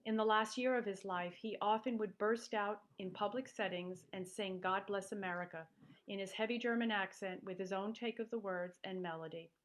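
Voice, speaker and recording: A woman's voice: mid-range voice, fairly even intonation, moderate pace. Woman reading a tribute to her father. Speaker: daughter giving a remembrance. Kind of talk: read memorial tribute.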